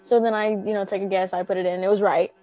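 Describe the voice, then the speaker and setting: A woman's voice: mid-range voice, little pitch movement, fast, dark tone, soft background music. Rambling teenage girl telling stories. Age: teens. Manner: rambling, heavy use of "like", acts out quotes. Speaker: podcast co-host. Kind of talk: casual chat, storytelling.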